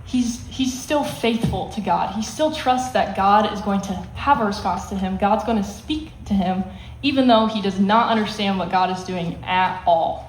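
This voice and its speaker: A woman's voice: medium pitch, moderate pace. Woman teaching a Bible lesson, echoey. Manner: explains plainly, acts out quotes with emphasis. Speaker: youth Bible study teacher. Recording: echoey room, faint hiss.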